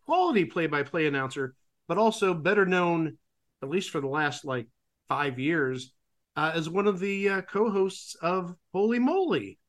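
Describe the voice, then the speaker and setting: A man's voice: sits high, expressive, moderate pace, a bit bright. Opinionated male podcast co-host. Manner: opinionated, sarcastic asides. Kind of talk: casual podcast chat.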